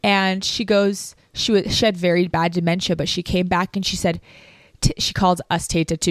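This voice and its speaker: A woman's voice: on the low side, level tone, moderate pace, no room sound, clean studio sound. A woman hosting a podcast, telling a personal story in an emotional, reflective way with lots of "like". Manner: emotional, reflective, heavy use of "like". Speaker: podcast host.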